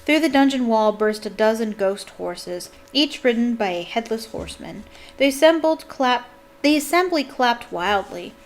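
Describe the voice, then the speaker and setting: A woman giving an expressive, dramatic reading of a novel, shifting emphasis with the story. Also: fairly high pitch, normal speed, low-quality recording. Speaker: reader.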